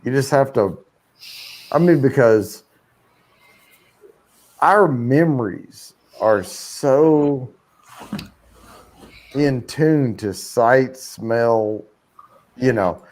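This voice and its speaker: A man hosting a live stream, chatting casually and loosely with plenty of fillers. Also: medium pitch. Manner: slow, relaxed talk with many fillers. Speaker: livestream host.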